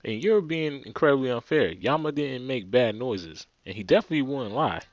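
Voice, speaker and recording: A man's voice: mid-range voice, animated, a little fast, dry recording, muffled recording, natural voice. A man with a New Jersey accent voicing a protective, sassy young big sister with a defiant, teasing manner.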